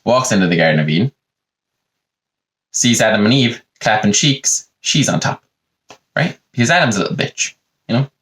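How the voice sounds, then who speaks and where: A man with a fairly low voice hosting a comedy podcast. He rambles through a profane comic story, conversational and loose, full of asides. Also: animated, normal speed, pauses often, fairly bright tone.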